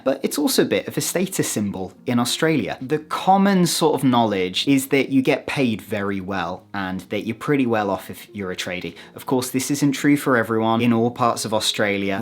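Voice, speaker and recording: A man with a British accent, talking casually to camera in a chatty, self-mocking way with joking asides. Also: mid-range voice. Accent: British English. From United Kingdom. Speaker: vlogger.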